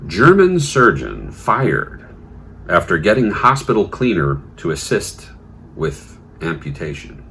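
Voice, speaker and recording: A man's voice: deep voice, wildly swooping pitch, slow pace, a bit bright, a little hiss or hum. A man hosting a comedic news podcast, sardonic and fond of slipping into silly voices. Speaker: podcast host.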